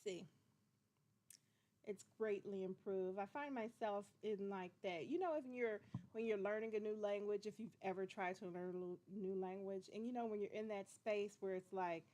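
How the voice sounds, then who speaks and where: A woman, hosting a casual livestream and chatting playfully with viewers she greets by name. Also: normal speed. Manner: greets viewers by name with excited high calls; chatty and playful, drawls y'all. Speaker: livestream host.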